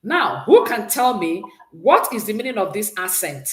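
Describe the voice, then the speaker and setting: Woman, French teacher. Patient and encouraging, leads repeat-after-me drills, mid-pitched voice, roomy echo. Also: very animated, normal speed. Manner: patient, praises often, drills pronunciation with repeat-after-me prompts. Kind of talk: exam-prep language lesson.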